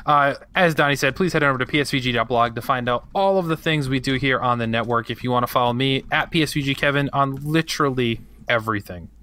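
A man's voice: mid-range voice, bright, forceful tone. A man hosting a gaming podcast, bantering casually with his co-hosts and teasing them. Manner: jokey, quick to tease. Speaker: podcast host. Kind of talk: casual banter and show outro.

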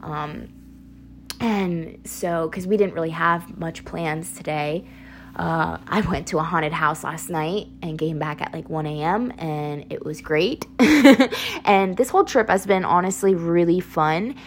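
A woman's voice: lowish voice, unhurried, a little hiss or hum. A young woman hosting a casual solo podcast, chatty and rambling, laughing often, with a slight picked-up Southern twang. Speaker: podcast host.

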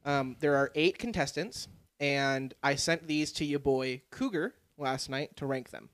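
A man's voice: mid-range voice, a little slow, a bit bright. A young man hosting a podcast, telling a story in casual chat and swearing freely. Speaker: podcast host.

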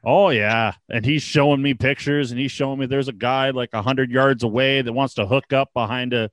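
A man's voice: medium pitch, steady tone, a little fast, no echo. A man in his forties chats casually, drifting through long stories and laughing at himself. His voice sits in an ordinary middle range. It is recorded close and dry. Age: 40s. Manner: rambling anecdotes, laughs often. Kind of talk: casual chat, storytelling.

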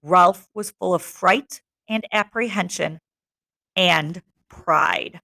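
A woman's voice: on the low side, slow, vocal fry, pushed and bright. A young woman teacher reading a novel aloud to her class, breaking off to explain in a casual tone and checking in with her listeners.

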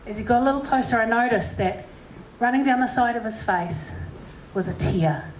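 A woman's voice: fairly high pitch, fairly quick, echoey room, a little hiss or hum, poor audio. A woman with a New Zealand accent, a singer telling a personal story to a live audience in a chatty, self-deprecating way, full of "you know" fillers. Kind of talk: personal story and encouragement talk.

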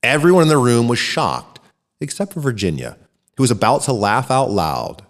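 A man reading a short story aloud as narrator, raising his voice for the shouted lines of the characters. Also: medium pitch, sing-song, normal speed, long reverb tail.

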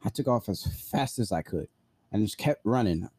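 A man's voice: fairly low pitch, expressive, moderate pace, mellow, breathy edge, dry recording. A man casually telling a personal story, blunt and profane, full of "like" fillers.

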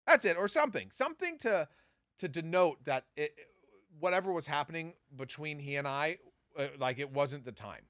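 A man in his thirties from Southern California, casually telling profane stories on his podcast with big jumps in pitch. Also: big pitch swings, fairly quick, pushed and bright, no room sound, studio quality. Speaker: podcast host. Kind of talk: casual storytelling.

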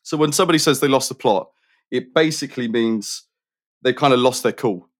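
A British musician in casual conversation, chatty and rambling, with lots of fillers and restarts. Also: male voice, medium pitch, a little fast. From Britain.

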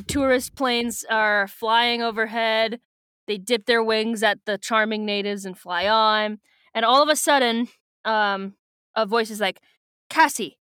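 A woman's voice: a little high, fairly bright tone, smooth, no echo, clean studio sound. A young woman co-hosting a podcast, recapping a book in a giggly, irreverent, swearing chat. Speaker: podcast co-host.

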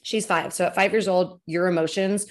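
A woman's voice: on the low side, moderate pace. A woman in her thirties, a podcast guest and self-care coach, chatting casually and acting out the people in her stories. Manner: animated storyteller acting out quoted voices. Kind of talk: casual conversational interview.

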